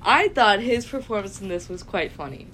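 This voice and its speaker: A woman co-hosting a podcast, chatting casually with quick reactions. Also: medium pitch, lively intonation, fairly bright tone. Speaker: podcast co-host. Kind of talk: casual chat.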